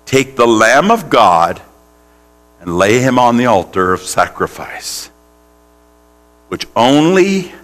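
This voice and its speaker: A man's voice: mid-range voice, fairly bright tone. A male pastor preaching a sermon in a church, putting questions straight to the congregation. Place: church sanctuary.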